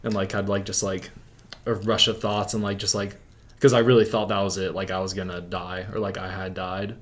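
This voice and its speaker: A man's voice: low voice, level tone, fairly quick, slight background noise. A young man telling a story as an interview guest, rambling, with filler "like" in nearly every sentence. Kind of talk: casual storytelling.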